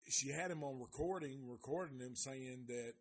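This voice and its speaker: A man's voice: mid-range voice, moderate pace. A man hosting a live review show, retelling a story in a casual, profane way with lots of slang and cursing. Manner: animated retelling with exaggerated voices of the people in it; heavy cursing, loose slangy delivery. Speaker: live show host reviewing a documentary series.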